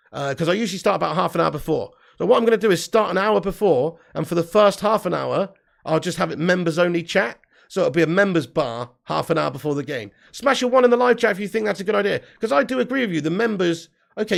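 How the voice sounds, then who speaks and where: A gravelly, fry-heavy young man from England with a southern English accent hosts a football live stream. His voice sits fairly high for a man. He chats loosely and swears freely as he reads out viewer comments. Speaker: football channel host. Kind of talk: live-stream chat reading.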